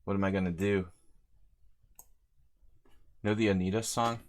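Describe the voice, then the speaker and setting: A man's voice: low-pitched, steady tone, a little slow. A man streaming chess live, rambling chattily between moves and reading out viewer names in casual commentary. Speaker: chess streamer playing a simul. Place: lives in Hungary.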